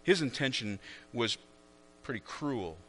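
A man's voice: mid-range voice, very animated, unhurried, sharp tone. A man preaching a sermon, retelling a story earnestly and often restarting his sentences. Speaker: pastor. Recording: long reverb of a large hall.

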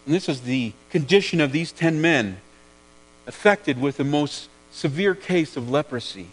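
A man's voice: high voice, fairly bright tone, poor audio. A man preaching a sermon in an earnest way, often repeating words as he searches for the phrasing.

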